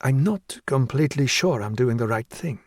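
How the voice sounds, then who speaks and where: A man's voice: mid-range voice, animated, moderate pace, darkish tone, pitched above the performer's own voice, natural voice. A man voicing a nervous woman psychiatrist in her late forties in an audiobook, speaking hesitantly and carefully.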